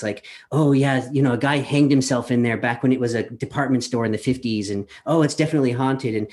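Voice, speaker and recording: Over a webcam on a video call from his apartment, a man in his thirties from Colorado tells a personal story live. His voice sits on the high side with a darkish tone, and he's chatty and self-deprecating, using plenty of fillers.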